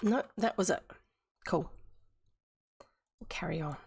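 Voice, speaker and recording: A woman's voice: lowish voice, takes it slowly, gravelly, darkish tone, slightly rough. A woman with a New Zealand accent, reading a classic book aloud on a livestream, adding chatty asides and stopping to explain words. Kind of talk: live-streamed book reading.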